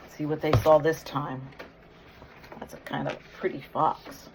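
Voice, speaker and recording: A woman's voice: deep voice, wildly swooping pitch, a little slow, a bit bright, slight background noise. A middle-aged woman teacher reading a picture book aloud to young children, coaxing them with questions and praising their answers. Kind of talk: read-aloud storytime with questions.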